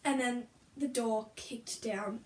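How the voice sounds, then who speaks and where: A woman's voice: fairly high pitch, fairly even intonation, takes it slowly, darkish tone. A woman animatedly telling the story of a dream in a casual story-time video, acting out voices with gasps and screams. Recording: echoey room from a distant mic.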